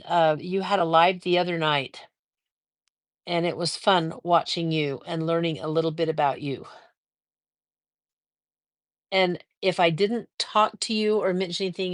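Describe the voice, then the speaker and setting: A woman's voice: fairly low pitch, dry recording, studio quality. Chatty older woman hosting a quilting livestream. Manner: chatty, encouraging, drawn-out fillers. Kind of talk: casual live-stream chat reading viewer comments.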